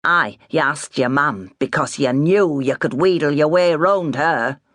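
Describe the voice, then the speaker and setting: A man's voice: on the high side, a little slow, a bit bright, no room sound. A woman voicing a stern older farmer father, blunt and scornful.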